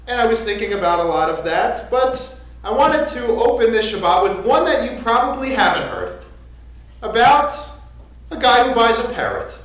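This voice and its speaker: Lively rabbi in an echoey sanctuary. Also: mid-range voice, moderate pace. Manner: conversational, joking. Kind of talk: sermon. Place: synagogue sanctuary.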